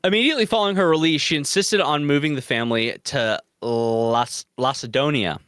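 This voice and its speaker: A man's voice: a little high, a little fast, a bit bright, clean tone, dry recording. Dry-sounding man reading true crime notes. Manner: casual, profane, reads notes with asides. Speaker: podcast co-host. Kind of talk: casual true crime podcast chat.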